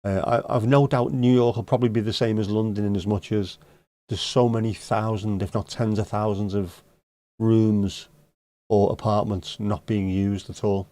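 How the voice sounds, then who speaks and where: Reading out viewer comments on his live stream, a middle-aged man teases and jokes with a relaxed, chatty manner. He speaks at normal speed in a fairly low, warm, level voice, with no room sound.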